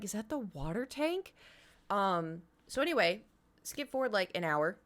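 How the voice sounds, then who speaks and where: A woman's voice: mid-range voice, sing-song, moderate pace. A woman, chatting casually to her live stream audience and telling stories full of sound effects and whispered asides, her voice a little strained. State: voice slightly strained.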